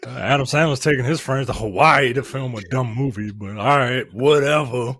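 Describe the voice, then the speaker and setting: A man's voice: medium pitch, moderate pace, a bit bright. A man co-hosting a movie review podcast in casual chat, dropping dry, sarcastic jokes. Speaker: podcast co-host.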